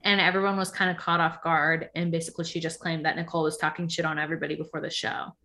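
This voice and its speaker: A woman's voice: low-pitched, little pitch movement, quick pace, pushed and bright. A young woman co-hosting a podcast, gossiping casually about a reality show and saying "like" a lot. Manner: chatty, gossipy, full of "like". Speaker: podcast co-host. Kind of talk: casual chat recapping reality TV.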